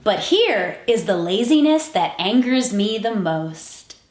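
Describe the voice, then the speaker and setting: A woman co-hosting a film review show, ranting in an exasperated, animated way. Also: mid-range voice, slow pace, echoey room. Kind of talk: scripted review commentary.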